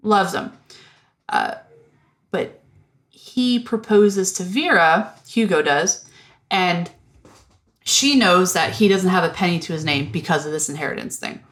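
A woman hosting a podcast in casual chat, animated and profane, laughing often and acting out lines. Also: fairly low pitch, measured pace, pauses often. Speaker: podcast host.

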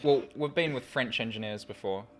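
A man's voice: medium pitch, normal speed, a little hiss or hum. A young man with a New Zealand accent, making dry, short remarks in casual chat.

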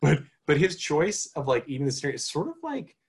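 A man co-hosting a podcast, reviewing a film in casual chat, rambling with many fillers and restarts and getting animated. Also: a little high, quick pace, slightly rough. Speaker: podcast co-host.

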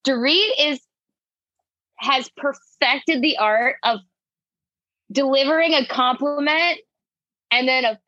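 A woman's voice: high-pitched, slow pace, long pauses, pushed and bright, no echo, highs cut off. A woman in casual chat, brash and profane, slipping into dramatic impressions.

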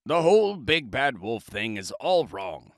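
A man's voice: mid-range voice, sing-song, unhurried, dry recording, clean studio sound. A man reading a children's book aloud, telling it in first person in a chatty, self-justifying way. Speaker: storybook reader.

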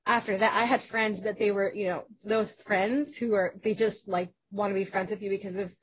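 A woman, an actress and podcast guest, talking in a casual interview, hyper and energetic, acting out what people said to her as she tells her stories. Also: medium pitch, normal speed, breathy edge, low-quality recording. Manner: animated storyteller who acts out quoted dialogue.

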